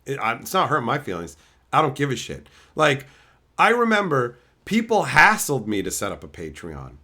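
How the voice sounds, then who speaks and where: A middle-aged man hosting a casual livestream, swearing freely and bouncing between chat topics. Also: moderate pace. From Canada. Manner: animated, swears a lot, mimics chatters in high silly voices. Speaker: livestream host.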